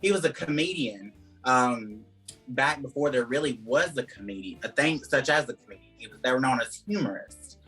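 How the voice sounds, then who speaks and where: This poor-audio clip features a man from Georgia whose Southern accent comes through an animated, medium-pitched voice that's pushed, bright, and a bit breathy, at normal speed. Faint music plays behind him as he rambles through a casual interview, filling it with "like" and "um."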